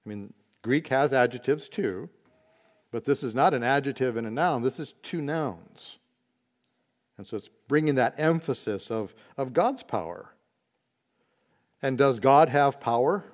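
A man teaching a Bible study, explaining word meanings slowly and deliberately, with occasional fillers. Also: mid-range voice, animated.

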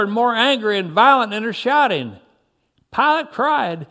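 A man tells a dramatic story in the first person, moving between excited telling and hushed reflection. His voice is high and swings widely in pitch throughout. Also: moderate pace.

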